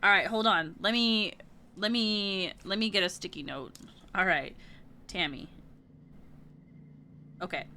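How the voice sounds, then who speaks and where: Woman streamer talking thru her game, bright clear voice, mutters to herself a lot. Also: mid-range voice, unhurried, long pauses, slight background noise. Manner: thinking aloud, chatty, trails off into murmurs. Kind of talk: casual let's-play commentary.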